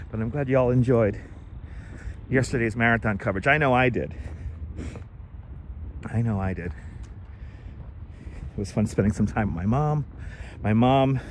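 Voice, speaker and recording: Riding his bike outdoors in a city park, a middle-aged man live-streams through a wireless lapel mic, reading viewer comments aloud and thanking people. His voice is mid-range and a little mellow, with slight background noise.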